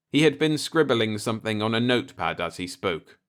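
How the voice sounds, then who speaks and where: Guy reading a sci-fi story out loud, calm, steady, bedtime audiobook vibe. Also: fairly low pitch, brisk, hardly any pauses. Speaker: story narrator. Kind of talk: scripted audiobook narration.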